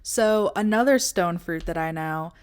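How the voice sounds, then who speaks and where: A woman in her twenties chatting casually to camera as a vlogger, playful and animated, acting out her friends' voices. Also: on the low side, a little slow, clear, resonant tone.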